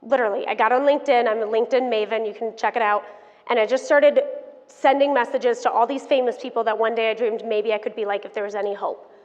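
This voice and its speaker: Woman in her 30s doing a keynote, lively storytelling, kinda high voice, long hall echo, dull sound. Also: fast. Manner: animated storytelling, frank and playful with the audience. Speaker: keynote speaker. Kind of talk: motivational keynote talk.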